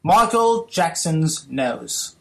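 A man with a put-on British accent voicing a pompous gentleman caller in a comic, profane voicemail rant. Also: a little high, sing-song, drawn-out words, vocal fry, exaggerated voice. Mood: haughty. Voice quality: mock-haughty, profane.

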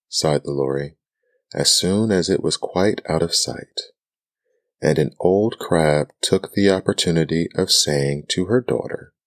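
A man reading a bedtime story in a soft-spoken ASMR style, calm and soothing, close to the mic. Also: a bass voice, a little slow.

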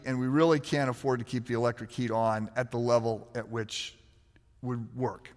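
A man's voice: sits high, a bit bright. A middle-aged male pastor preaching a sermon, telling stories with self-deprecating asides and frequent restarts. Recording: long hall reverb.

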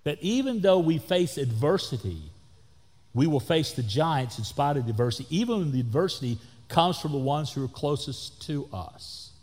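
A man, a pastor, preaching a sermon in an animated way and acting out the people he quotes. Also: a little high, moderate pace, in a large hall.

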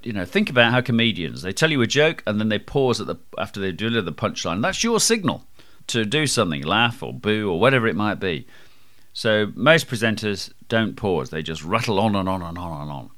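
A man with a booming, projecting voice coaches listeners on presenting. His pitch sits a little low but swings widely, and his tone is bright and forceful. He leans on key words and drops into slow, deliberate phrases. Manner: lively, emphatic, varies pace and loudness for effect. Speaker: podcast host. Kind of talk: presentation skills advice podcast.

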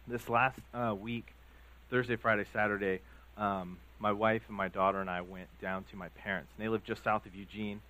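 Male pastor, lowish voice, easygoing preaching with lots of ums and story asides. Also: steady tone, moderate pace, sharp tone, low-quality recording. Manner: conversational storytelling, many fillers. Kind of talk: sermon.

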